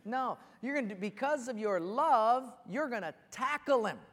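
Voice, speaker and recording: A man preaching a sermon with passion, building to near shouts as he tells stories. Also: extremely high pitch, lively intonation, normal speed, in a large hall. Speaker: pastor.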